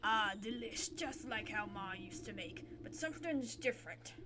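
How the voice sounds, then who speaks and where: A woman's voice: mid-range voice, animated, normal speed, background noise, natural voice. A woman putting on a blubbering brute of a bandit. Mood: gruff, pleased. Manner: rough folksy speech, sobbing and wailing. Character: huge blubbering male bandit, crude and soft-hearted.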